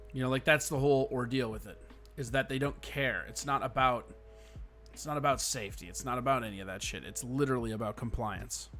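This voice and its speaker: Hosting a laid-back livestream, this man has a medium, slightly bright voice. He reads out chat messages and responds bluntly, cursing heavily, with frequent yawns and sighs.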